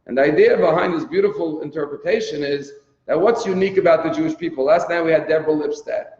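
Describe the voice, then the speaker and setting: A man with a high voice delivers a daily sermon, retelling scripture and asking rhetorical questions as he goes. The sound is dull and lo-fi, with a long reverb trailing off the walls of a hall. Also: fast talker, darkish tone. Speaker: rabbi. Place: synagogue hall.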